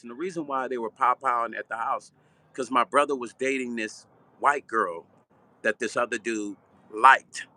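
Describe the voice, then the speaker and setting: An older man from Chicago telling a personal story in a vivid, blunt, street-style way. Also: medium pitch. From Chicago, Illinois. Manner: vivid, animated storytelling, repeating "right?". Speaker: vlog host and musician.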